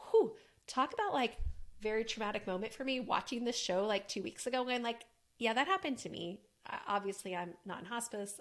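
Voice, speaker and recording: Chatty fortyish woman with vocal fry. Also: medium pitch. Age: about 40. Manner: chatty, animated, many "like" fillers. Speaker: wellness coach and podcast host. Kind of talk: casual personal storytelling.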